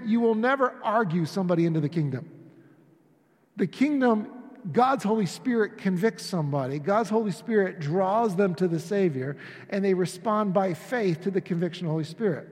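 Here a male pastor with a high-pitched, darkish voice preaches at normal speed with lively intonation. Talking conversationally to his congregation in an echoey sanctuary, he acts out little dialogues.

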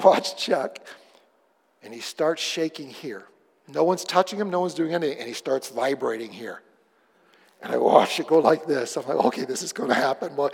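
A man preaching a sermon as pastor, moving from hushed pleading to loud, excited storytelling. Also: fairly high pitch, gravelly, slightly rough. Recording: long hall reverb.

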